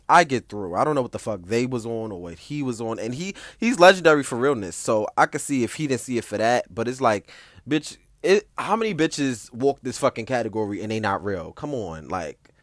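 Animated young man telling a story. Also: medium pitch, no room sound, clean studio sound. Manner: expressive, profane, heavy ballroom slang. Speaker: ballroom competitor.

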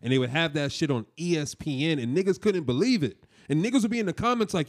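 A young man co-hosting a casual podcast chat, talking in an animated, profane and teasing way. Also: on the high side, quick pace. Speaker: podcast co-host.

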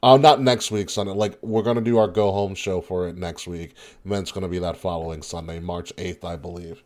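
A man's voice: deep voice, steady tone, fairly quick, a little mellow. A man co-hosting a casual wrestling talk podcast, laughing often, swearing freely and stumbling over restarts. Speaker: podcast co-host.

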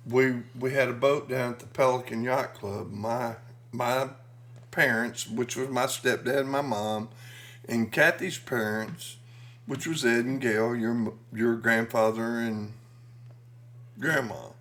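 A man's voice: medium pitch, fairly even intonation, measured pace, a bit bright. A middle-aged man telling a family story as a podcast co-host in casual chat, folksy and crude, teasing the others.

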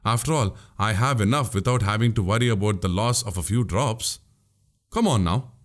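A man's voice: lowish voice, normal speed, voice pushed down, close to an everyday voice. A man voicing a crafty older male spy in an audiobook, needling and mocking with pointed questions. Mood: prodding. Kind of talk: audiobook character voice.

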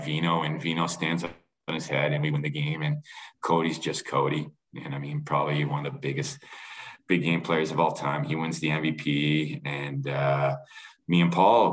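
A middle-aged man from Canada, a former athlete, telling a rambling, animated story on a podcast. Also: rumbling low, rough recording. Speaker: former pro lacrosse player, guest.

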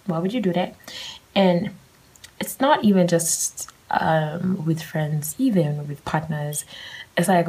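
A woman's voice: lowish voice, darkish tone, breathy edge, poor audio. A young woman hosting a solo podcast, talking candidly and rambling, swearing casually as she shares her thoughts. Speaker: podcast host.

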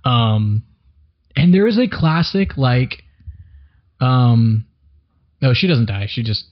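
A man's voice: medium pitch, lively intonation, slow pace. A young adult man co-hosting a podcast, recapping loosely and swearing casually in rambling chat. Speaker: podcast co-host. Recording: dull lo-fi recording.

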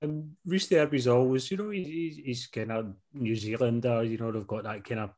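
A Scottish podcast co-host talks casually about films in a medium-pitched, somewhat dark voice at a normal speed, with faint music in the background. He keeps asking "do you know what I mean?" throughout the relaxed review chat.

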